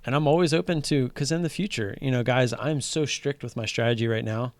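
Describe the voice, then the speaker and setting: A man hosting a live stream about day trading, chatting casually and getting excited, swearing freely and restarting his sentences. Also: medium pitch, fairly quick. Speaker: livestream host talking day trading. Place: home streaming setup wearing headphones.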